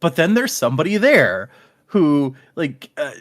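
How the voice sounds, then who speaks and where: A man's voice: fairly high pitch, big pitch swings, unhurried, fairly bright tone. A man co-hosting a casual book chat, rambling through a recap of the chapters and acting out quotes. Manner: rambling storyteller, acts out quotes. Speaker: podcast co-host.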